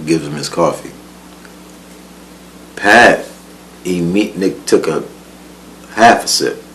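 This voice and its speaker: A man's voice: sits low, slow, fairly bright tone, a little hiss or hum, low-quality recording. A man telling a life story in casual, profane slang, often laughing, repeating words and asking if you follow. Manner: profane, slangy, keeps asking "you know what I'm saying".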